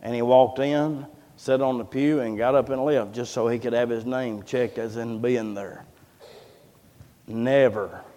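Folksy preacher in a reverberant hall. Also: male voice, medium pitch, darkish tone. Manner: folksy storyteller, acts out quoted voices. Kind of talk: sermon storytelling.

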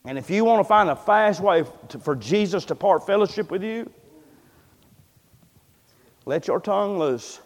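Impassioned preacher in a big hall. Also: male voice, high-pitched, animated, normal speed, pauses often. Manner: impassioned, repeats words, folksy. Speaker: pastor. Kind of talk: sermon. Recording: long reverb of a large hall.

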